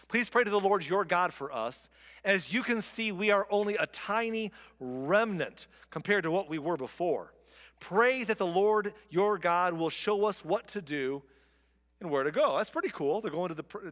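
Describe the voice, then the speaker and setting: A man preaching a sermon as pastor, reading scripture slowly and breaking into quick joking asides. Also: a little high, big-room sound. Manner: lively, reads scripture slowly then jokes in quick asides. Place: church.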